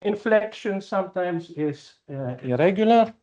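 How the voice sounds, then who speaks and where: A man giving an academic conference talk, speaking as a with frequent fillers and pauses. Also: high-pitched, expressive, a little mellow, muffled recording. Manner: slow, halting, with many fillers. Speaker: conference presenter.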